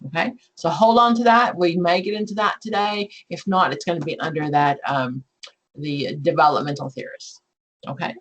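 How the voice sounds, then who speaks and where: A woman, teaching an exam prep class in a chatty, animated way. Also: low-pitched, moderate pace, low-quality recording. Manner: chatty and animated, acts out client scenarios. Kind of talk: live online class lecture.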